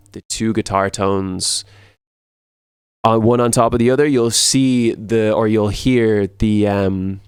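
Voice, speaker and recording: Low, smooth-voiced man walking through a tutorial. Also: dry recording, studio quality. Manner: relaxed, repeats words for emphasis. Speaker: music producer. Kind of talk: casual tutorial walkthrough.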